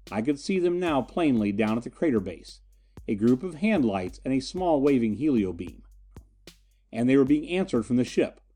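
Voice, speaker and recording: A man narrating an adventure story in the first person with steady, dramatic storytelling. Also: mid-range voice. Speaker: audiobook narrator.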